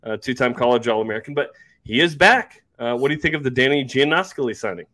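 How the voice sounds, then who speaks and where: A man's voice: mid-range voice, fast talker. A man hosting a sports podcast, chatting casually and joking with plenty of fillers. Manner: relaxed, joking, frequent fillers. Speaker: podcast host.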